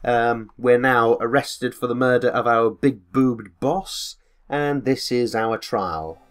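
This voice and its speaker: A man's voice: mid-range voice, slow. A man giving sardonic, rambling let's-play commentary with frequent swearing. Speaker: game commentator.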